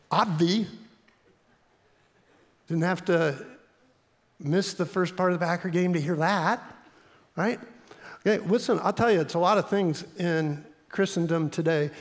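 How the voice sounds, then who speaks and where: Slow-preaching pastor in a reverberant church. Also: male voice, on the high side. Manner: earnest storytelling with emphatic repetition. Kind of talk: sermon. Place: church sanctuary.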